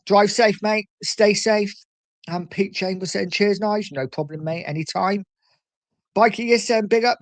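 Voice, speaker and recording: A man's voice: fairly high pitch, no echo. A man hosting a casual football livestream, chatting with viewers, reading out their comments and calling them mate. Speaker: livestream host reading chat. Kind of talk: casual chat.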